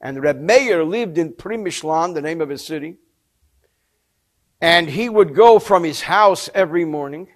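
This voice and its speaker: A man with a high voice leads a study lesson on a religious text. He tells his story with expression and explains each Hebrew term in English as he goes. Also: animated, measured pace. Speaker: Torah teacher.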